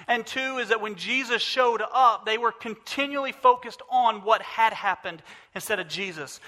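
A man's voice: extremely high pitch, pushed and bright. A man preaching a sermon as pastor, earnest and repeating key phrases for emphasis. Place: church sanctuary. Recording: long hall reverb.

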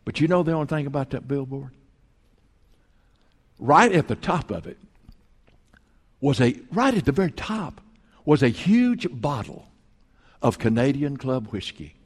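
A man preaching a sermon as pastor, telling folksy stories and swinging between loud and hushed. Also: mid-range voice, very animated, a little slow, long pauses, big-room sound. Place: church sanctuary.

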